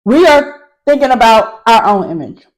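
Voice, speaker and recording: Animated woman instructor talking in a car. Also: fairly high pitch, normal speed, low-quality recording. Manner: addresses viewers as y'all, emphatic and animated. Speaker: college instructor. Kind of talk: casual talk to camera, recapping a class. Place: in a parked car.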